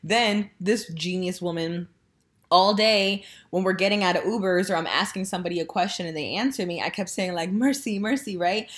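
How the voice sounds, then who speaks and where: A woman's voice: on the low side, a little fast. Young woman telling a profane story. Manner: storytelling, profane, animated when retelling. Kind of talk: casual chat.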